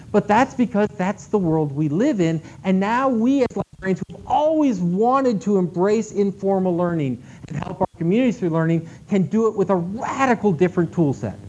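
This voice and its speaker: A high-voiced man speaks at a conference, animated and emphatic, his delivery swinging from loud to hushed. The recording is dull and lo-fi, with faint background noise. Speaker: keynote speaker at a library conference.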